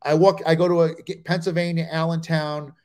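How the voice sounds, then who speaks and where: A middle-aged stand-up comedian from New Jersey, guesting on a comedy talk show, tells road stories in a voice on the high side, talking a little fast. He's an animated storyteller who acts out the people and their quoted voices.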